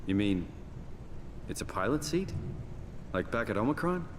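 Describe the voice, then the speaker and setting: A man's voice: lowish voice, big pitch swings, normal speed. An actor voicing an earnest, plainspoken male survivor in a video game, recorded with gameplay noise behind him.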